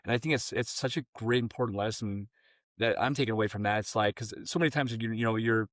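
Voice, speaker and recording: A man hosting a podcast, reacting excitedly and laughing, then rambling through his thoughts. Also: lowish voice, quick pace, no room sound, studio quality. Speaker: podcast host. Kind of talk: casual conversational interview.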